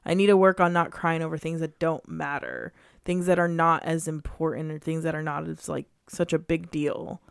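A woman's voice: low voice, lively intonation, gravelly, clean tone, dry recording, clean studio sound. A young woman talking openly and emotionally with her boyfriend in a casual conversation. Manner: emotional, earnest, quick bursts of emphasis. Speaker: girlfriend in couple conversation. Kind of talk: casual couple chat.

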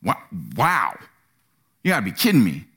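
A man preaching a sermon in a church, animated and acting out quotes. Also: moderate pace, husky. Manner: animated, acts out quotes with sudden pitch jumps. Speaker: pastor.

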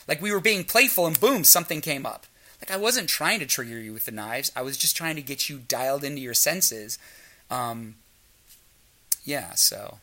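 A man's voice: medium pitch, animated, normal speed, pushed and bright. A man telling a frank story in casual chat and acting out the dialogue as he goes. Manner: storytelling, acts out quoted dialogue.

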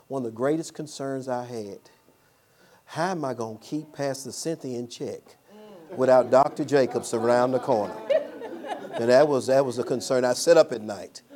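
A man's voice: medium pitch, dark tone. A man preaching a sermon as pastor, telling a personal story with call-and-response.

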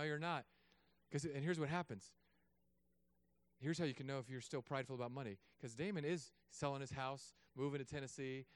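A man, a pastor, preaching a sermon in a casual joking way, moving between quiet asides and loud emphatic stretches. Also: fairly high pitch, no echo. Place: church.

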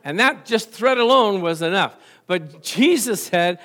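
A man's voice: high-pitched, a little slow, few pauses. A middle-aged male pastor preaching a sermon to his congregation, telling stories and joking with them. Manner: storytelling, animated, jokes with congregation. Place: church before a congregation.

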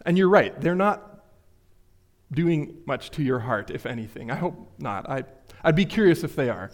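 A man's voice: on the high side, sing-song, a little slow. A man preaching a sermon, earnest and questioning, speaking straight to his listeners. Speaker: pastor.

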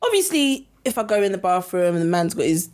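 A woman's voice: on the low side, very animated, quick pace, a little mellow. Frank, chatty woman in conversation. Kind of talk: casual group chat.

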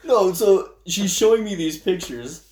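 A man's voice: high voice, a little slow. A young man in casual chat, animatedly telling a story and acting out what others said. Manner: animated storytelling, acting out quotes, frequent laughter. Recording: roomy echo.

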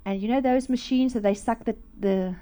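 Lady preaching a testimony, high voice, does all the voices, laughs a lot. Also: moderate pace, dark tone. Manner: storytelling, acting out voices, laughing. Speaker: speaker at a church. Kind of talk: testimony sermon.

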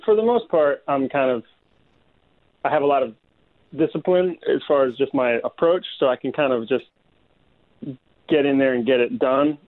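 A man being interviewed as a guest artist, speaking hesitantly with many ums. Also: medium pitch. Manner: hesitant, soft-spoken, full of ums. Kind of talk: casual interview chat. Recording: tinny phone-like line.

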